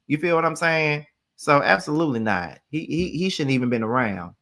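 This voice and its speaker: Male host, casual talk, blunt and emphatic, bright sharp tone. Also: on the high side, sing-song, brisk. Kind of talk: casual conversation.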